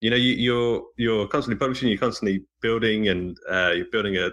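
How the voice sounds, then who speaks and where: Guy cohosting a podcast, lowish but bright voice, friendly casual chat. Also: fairly even intonation, a little fast. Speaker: podcast co-host.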